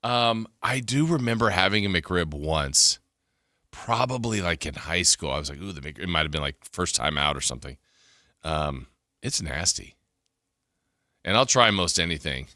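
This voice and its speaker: Bright, lively low-voiced male radio host. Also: normal speed, no room sound, studio quality. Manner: animated storyteller, gasps and laughs while telling. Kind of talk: casual chat. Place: radio studio.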